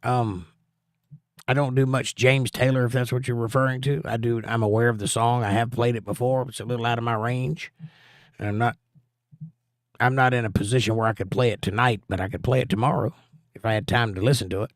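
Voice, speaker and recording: A man's voice: medium pitch, steady tone, fairly quick, no echo, clean studio sound. A middle-aged man hosting a casual livestream, reading viewer comments aloud in an easygoing, folksy way. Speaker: livestream host.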